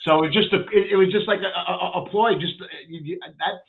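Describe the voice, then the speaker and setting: A man's voice: high voice, steady tone, fairly quick, gravelly. Enthusiastic male host on a tinny line. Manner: enthusiastic, reacts with repeated exclamations. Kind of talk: casual interview.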